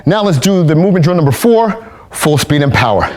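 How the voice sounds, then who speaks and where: A man's voice: a little high, a little fast. Man teaching kung fu drills. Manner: calls out drill counts loudly, then explains calmly. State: moving while demonstrating. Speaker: kung fu instructor. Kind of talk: instructional demonstration.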